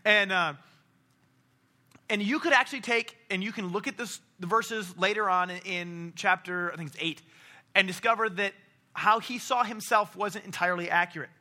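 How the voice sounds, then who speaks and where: Pitched high and sounding pushed and bright, a man preaches at a normal speed in an informal sermon. He spins stories, voicing the characters in quotes, with frequent restarts.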